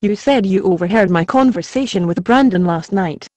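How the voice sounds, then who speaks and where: A woman playing a defensive, quick-tempered young woman who questions sharply, in an amateur stage drama. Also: medium pitch, no echo, close to an everyday voice. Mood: insistent. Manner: sharp and demanding.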